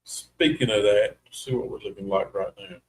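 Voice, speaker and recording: A man's voice: lowish voice, moderate pace. Southern man, North Carolina drawl, chatty co-host, folksy and teasing on a live stream. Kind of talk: casual live stream chat.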